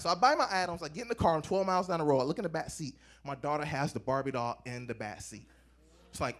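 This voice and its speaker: With rapid-fire delivery, a man in his thirties works through a stand-up comedy set at a club, his pitch leaping around as he animatedly acts out the material.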